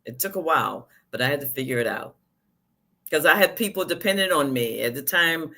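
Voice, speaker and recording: Bright-voiced woman podcast host. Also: low voice, lively intonation, fairly quick, creaky, slight background noise. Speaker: podcast host and business coach. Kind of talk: casual interview chat.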